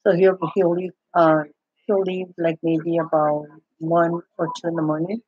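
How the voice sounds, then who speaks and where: Older woman with a husky voice, rambling. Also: on the low side, flat delivery, moderate pace, dry recording. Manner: rambling, full of restarts and "I go". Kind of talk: casual chat. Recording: dull, muffled, lo-fi sound.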